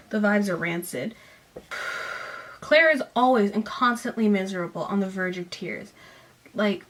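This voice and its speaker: A woman's voice: mid-range voice, a little hiss or hum. Woman, casual book-review vlogger, rambling delivery heavy on fillers. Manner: rambling, lots of "like" fillers and sighs.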